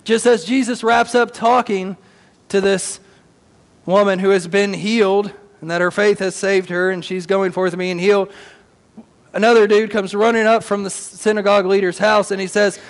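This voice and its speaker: A male pastor preaching a sermon as animated storytelling with casual slang. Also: high-pitched, moderate pace, in a large hall.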